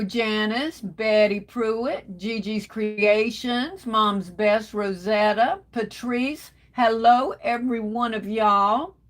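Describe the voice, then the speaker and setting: Woman, livestream host, fairly high voice, easygoing chat full of endearments. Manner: warm Southern endearments, calls viewers baby and darling. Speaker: livestream host greeting viewers. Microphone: phone.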